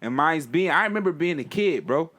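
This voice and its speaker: Guy on a podcast talking real sincere, slangy, voice a bit on the high side. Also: expressive, a little fast, a bit bright. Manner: earnest, slangy and personal. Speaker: podcast co-host. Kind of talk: casual podcast debate.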